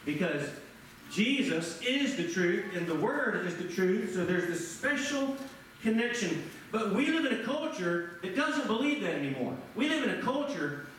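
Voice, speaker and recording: A man's voice: sits high, normal speed, a little hiss or hum. A man preaching a sermon as pastor, firing off rhetorical questions and talking straight to his congregation. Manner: animated, rhetorical questions, addresses congregation by name. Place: church sanctuary. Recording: echoey church room, mic at a distance.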